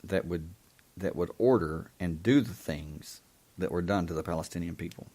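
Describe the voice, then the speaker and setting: A man hosting a live show monologue, halting and full of ums and restarts, with an indignant, emphatic way of talking. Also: deep voice, mellow, breathy edge. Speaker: host.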